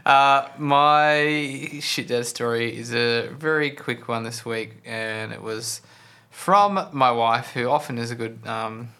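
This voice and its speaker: A man's voice: mid-range voice, slow, few pauses, bright, forceful tone, smooth. A man co-hosting a podcast, telling a short story in a dry, wry way. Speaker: podcast co-host. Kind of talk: casual chat.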